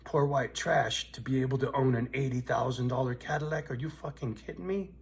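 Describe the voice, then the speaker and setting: A man's voice: mid-range voice, fairly even intonation, a little fast. A man in his fifties telling a blunt, profane, streetwise story in a vlog, asking "right?" again and again. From US West Coast. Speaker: vlogger.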